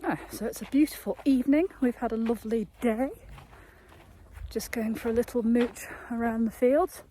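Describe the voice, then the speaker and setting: A woman's voice: a little high, moderate pace, mellow, slight background noise. A woman, chatting casually in a vlog as she walks her horse fields outdoors in the evening. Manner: chatty and upbeat, coos at the horses. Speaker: equestrian yard owner and riding coach. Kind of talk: casual walking vlog chat.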